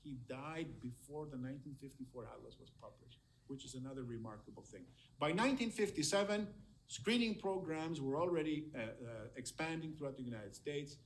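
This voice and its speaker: A man's voice: mid-range voice, animated, brisk, a little hiss or hum. A man giving a lecture on medical history over slides, admiring and emphatic, often repeating words for stress.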